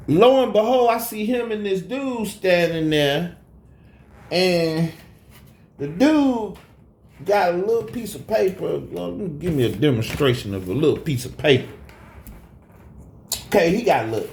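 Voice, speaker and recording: A man telling a profane personal story on a live stream, swinging between low asides and high, shouted quotes. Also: big pitch swings, normal speed, pauses often, reverberant.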